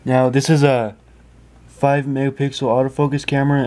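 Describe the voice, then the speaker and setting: A man's voice: medium pitch, level tone, moderate pace, darkish tone. A man giving a casual phone review indoors, chatty and stumbling over his words, often stopping to apologize. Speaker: tech reviewer.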